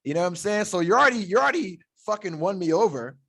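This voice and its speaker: A man's voice: high-pitched, lively intonation, fast, a bit bright. A young man hosting a podcast, telling stories in a loose, profane way and laughing often. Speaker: podcast host. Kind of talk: casual chat.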